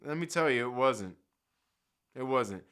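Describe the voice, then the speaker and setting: A man's voice: medium pitch, lively intonation, a little slow, a bit bright, smooth. A man hosting a live stream, chatting casually with his viewers and reading their comments aloud, with slangy, profane jokes. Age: adult with children. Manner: slangy, profane and joking, laughs often.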